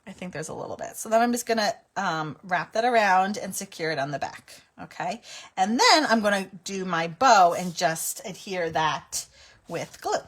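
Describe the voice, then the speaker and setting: A woman's voice: medium pitch, expressive, normal speed, a bit bright. A woman hosting a live card-making tutorial, chatting with viewers in a giggly, chatty way. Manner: chatty, giggly, breaks into helpless laughter. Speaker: card-making livestream host.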